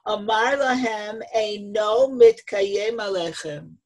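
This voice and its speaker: A woman's voice: medium pitch, sing-song, slow, gravelly, husky. A woman teaching a text-study lesson, reading each source phrase and then explaining it, retelling scenes with dramatic emphasis. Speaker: Torah teacher.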